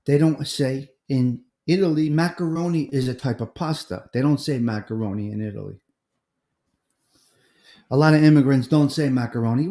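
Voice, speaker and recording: A man's voice: mid-range voice, warm tone, echoey room. Chatty New man hosting a stream. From United States. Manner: chatty, greets viewers by name, drifts between topics. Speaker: livestream host. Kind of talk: casual live-stream chat reading comments.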